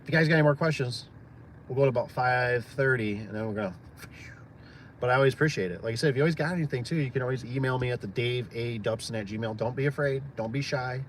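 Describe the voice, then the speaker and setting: A man's voice: mid-range voice, fast, a little hiss or hum. A man from Michigan chatting casually on a live stream, rambling and friendly with lots of fillers. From Michigan, USA. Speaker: small business owner live-streaming.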